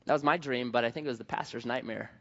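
A man preaches a sermon quickly at medium pitch, keeping it conversational and jokey and frequently restarting his sentences. The sound is dull, with long hall reverb.

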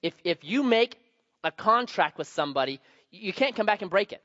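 A male pastor with a high voice and lively intonation teaches from scripture at a moderate pace, sounding easy and conversational. His sermon is sprinkled with anecdotes, and he stresses key words with sudden bursts of loudness. There's no room sound, though the recording comes across slightly muffled.

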